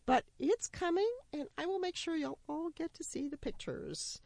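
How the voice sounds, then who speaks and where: A woman's voice: high-pitched, normal speed, vocal fry, a little mellow, no echo. Woman hosting a radio show.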